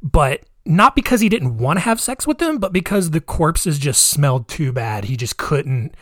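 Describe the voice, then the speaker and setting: A young man with a slightly high voice casually recounts a true-crime story. He is chatty and loose, full of fillers and asides, recorded dry and close. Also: big pitch swings, moderate pace, fairly bright tone, no room sound.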